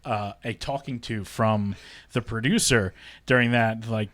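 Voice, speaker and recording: A man's voice: lowish voice, fairly bright tone. A man co-hosting a podcast in casual chat, often restarting and filling with um and uh. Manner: halting, repeats words, fills with um and uh. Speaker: podcast co-host, theater director.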